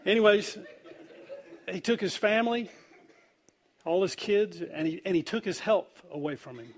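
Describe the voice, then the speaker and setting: Pitched high and moving at an ordinary speed, a male preacher tells a funny sermon with lively storytelling. He performs each character's lines himself while his volume rises and falls dramatically.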